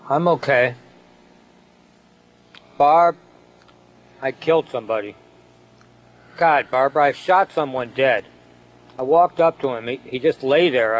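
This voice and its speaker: A man voicing a young male soldier writing home to his sister, halting and frightened. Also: mid-range voice, muffled recording, close to an everyday voice.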